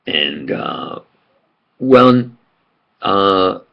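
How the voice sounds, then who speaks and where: An older man with a New York accent, speaking in a slow, halting, rambling monologue full of fillers and restarts. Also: low voice, big pitch swings, gravelly, muffled recording. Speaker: channel host.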